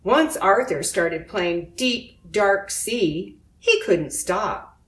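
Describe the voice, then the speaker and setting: A woman narrates a children's storybook in a clear, unhurried way, taking her time over each line. Her voice sits at a middle pitch, and the recording has a roomy echo around it. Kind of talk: children's storybook read-aloud.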